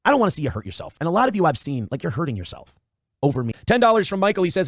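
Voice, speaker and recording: Reading viewer donations on a casual livestream, this dad of young kids rambles profanely and keeps cutting himself off. His fairly high voice races along with big pitch swings, recorded clean in a studio with no echo.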